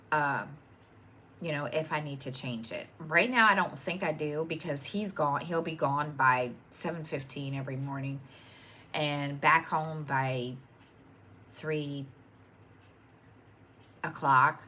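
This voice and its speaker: A woman's voice: low voice, fairly even intonation, slow pace, pauses often, pushed and bright, a little hiss or hum. A middle-aged woman chatting casually at home as host of her own stitching channel, rambling with many ums and restarts. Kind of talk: casual chat to camera.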